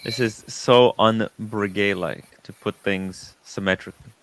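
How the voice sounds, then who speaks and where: A man's voice: on the low side, steady tone, a little slow, a little hiss or hum, rough recording. A man in a casual chat who is enthusiastic, exclaims often and swears freely.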